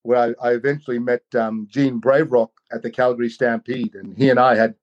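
A man's voice: medium pitch, fairly even intonation, a little fast, a little mellow. A man tells a long personal story over a video call, circling back and repeating himself as he searches for words. His voice sits in a middle range. The call audio is somewhat dull and muffled. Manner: rambling, repeats words, many fillers. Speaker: guest.

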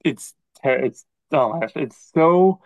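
A man co-hosting a podcast, chatting casually and acting out quoted dialogue in an animated storytelling manner. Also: fairly high pitch, measured pace, no echo, highs cut off. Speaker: podcast co-host. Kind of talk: casual chat.

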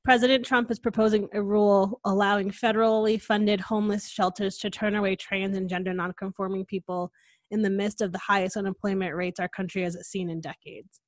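A woman hosting a casual podcast conversation, talking in an animated, earnest and outspoken way into a close mic. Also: mid-range voice, a little fast, no room sound. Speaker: podcast host.

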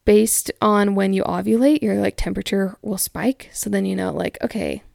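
A young woman in her twenties talks candidly in a casual chat, peppering her speech with "like" and quick asides. Her mid-pitched voice carries a gravelly fry. She is recorded on a close mic in a dry space. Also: fairly even intonation, a little mellow, no echo. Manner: chatty, frequent "like" fillers, candid. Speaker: podcast host. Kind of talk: casual chat reading listener stories.

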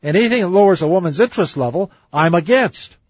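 Opinionated husky-voiced male radio host. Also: high voice, animated, quick pace, dry recording, highs cut off. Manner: opinionated, reads book passages and argues against them. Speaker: dating advice radio host. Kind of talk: radio talk show commentary.

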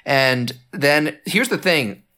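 A man hosting a podcast in casual chat, enthusiastic and relaxed, steering the conversation into its segments. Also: on the high side, slow. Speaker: podcast host.

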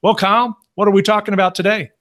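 A man's voice: sits high, flat delivery, quick pace, fairly bright tone. A man, co-hosting a casual podcast as a pastor, joking and self-deprecating.

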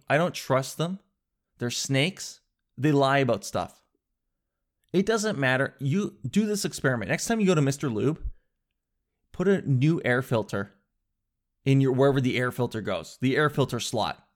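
A man with a mid-range voice rants through a funny everyday story in loose, slangy vlog talk. He throws in "dude" constantly and leaps up in pitch to land a joke. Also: moderate pace, long pauses. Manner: animated, exaggerated, swings to high emphasis; slangy, says dude often. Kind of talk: casual comic storytelling.

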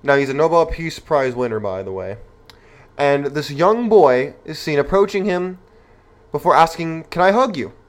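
A man's voice: on the high side, expressive, normal speed. A young man hosting an opinion commentary show, reading news aloud and reacting with rhetorical, indignant outrage.

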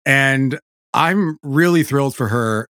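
A man hosting a podcast, talking in an animated, chatty way that keeps breaking off and restarting. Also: mid-range voice, takes it slowly, no room sound, clean studio sound. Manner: animated, self-interrupting, chatty. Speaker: podcast host. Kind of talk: casual chat.

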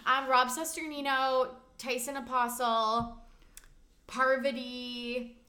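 A woman's voice: sits high, little pitch movement, takes it slowly, pushed and bright. A young woman co-hosting a podcast, chatting casually and enthusiastically, swearing freely and using lots of fillers. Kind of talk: casual chat.

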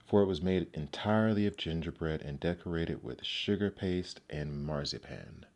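Deep-voiced male storybook narrator.

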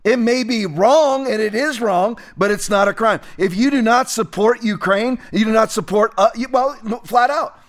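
A man's voice: sits high, normal speed, hardly any pauses. A man hosting a political commentary show, talking emphatically and repeating phrases for stress.

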